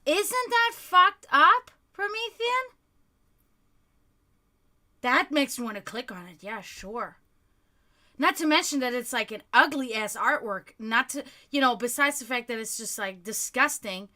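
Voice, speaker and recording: Ranting fast and heatedly, a European woman hosting a livestream swears constantly in casual talk. She has a high, expressive voice with a sharp tone.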